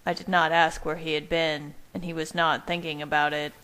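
A woman reading fan fiction aloud in a measured, even first-person narration. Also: low-pitched, clean tone, low-quality recording.

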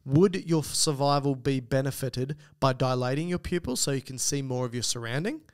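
A man's voice: medium pitch, expressive, fairly quick. A man with an Australian accent co-hosting a podcast, chatting casually, reading out listener emails and explaining things with joking asides. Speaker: podcast co-host.

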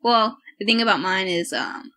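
A woman co-hosts a relaxed podcast chat. She tells stories with a giggle, lots of fillers and a middle-pitched voice. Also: normal speed, vocal fry. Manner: giggly, chatty storytelling with many fillers. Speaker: podcast co-host. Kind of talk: casual chat.

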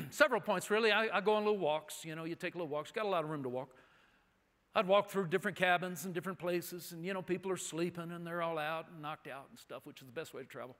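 High, bright-voiced male preacher. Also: fast. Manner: chatty, anecdotal storytelling with asides. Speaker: guest preacher. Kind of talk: storytelling sermon. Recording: long hall reverb.

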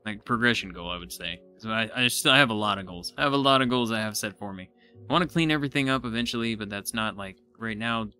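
A man giving casual let's-play commentary, excitable and thinking aloud as he explores, now and then poking fun at himself. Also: fairly low pitch, fast talker, clear, resonant tone, faint music behind. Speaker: gaming YouTuber.

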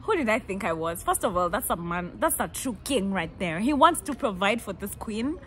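A Kenyan woman in her twenties, telling stories in a lively, playful way and acting out the people she quotes. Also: mid-range voice, normal speed, hardly any pauses, slight background noise. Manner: animated, playful, laughs often, acts out quotes. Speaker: vlogger. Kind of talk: casual storytelling.

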